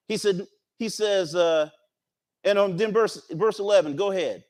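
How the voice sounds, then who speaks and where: An American man with a high-set voice teaches scripture in a loose, conversational way. He stumbles, repeats himself and restarts sentences as he explains. His delivery stays folksy and animated. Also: normal speed. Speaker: preacher.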